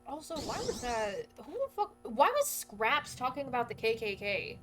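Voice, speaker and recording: A woman's voice: fairly high pitch, big pitch swings, moderate pace, over music. A woman streaming a game, chatting casually, flustered and swearing as she talks. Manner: swearing, flustered, laughing often.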